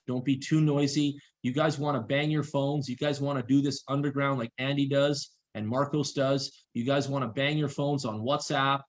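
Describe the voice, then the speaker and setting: Brief: man hosting a video call Q&A, mid-pitched, brisk, insistent, repeats his warnings. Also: steady tone. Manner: reads questions aloud and answers briskly. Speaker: presenter answering questions.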